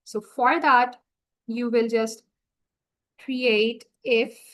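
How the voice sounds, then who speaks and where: A woman walking viewers through a software setup on a screen-share tutorial, talking through each click as she goes. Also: a little high, little pitch movement, low-quality recording. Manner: slow, explanatory, talks through each click. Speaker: software trainer.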